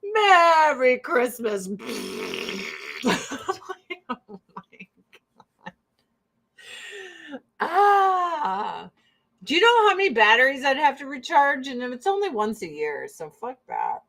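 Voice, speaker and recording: A woman's voice: high-pitched, a little slow, long pauses. A woman hosting a casual chat, telling family stories full of swearing and acting out her relatives' voices. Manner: profane, animated storytelling; acts out relatives in quoted voices. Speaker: host.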